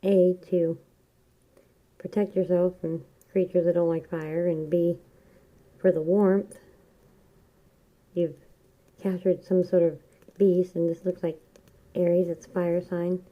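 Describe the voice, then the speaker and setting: A woman giving a casual, rambling tarot reading, chatty and quick to laugh. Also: fairly low pitch, flat delivery, narrow, tinny audio. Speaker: tarot reader.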